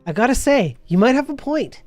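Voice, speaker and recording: A man's voice: extremely high pitch, sing-song, brisk, darkish tone, dry recording, faint music behind. A man, chatting casually on a live stream and reading viewer messages, laughing often, his voice a bit worn from hours of talking. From Canada.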